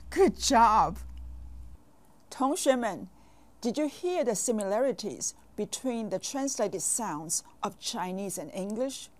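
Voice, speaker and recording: A woman teaching children in a scripted lesson, her voice on the high side. She moves through a lively range and speaks slowly, spelling out each sound with care. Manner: slow, carefully enunciated, with quizzing pauses. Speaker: language teacher. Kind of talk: scripted language lesson for kids.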